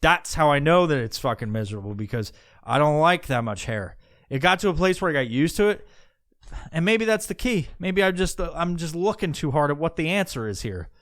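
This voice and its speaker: A man's voice: on the high side, lively intonation, a little fast, fairly bright tone, dry recording, studio quality. A man hosting a podcast, rambling casually in profane talk with many restarts. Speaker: podcast host.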